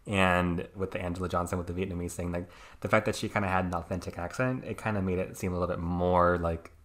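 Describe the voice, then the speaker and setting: A young man with a very low, deep voice hosts a relaxed podcast conversation. He thinks out loud, hedging and filling his sentences with "like" as he works through his views. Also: fast talker. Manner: thoughtful, many fillers and hedges. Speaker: podcast host. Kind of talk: casual conversation.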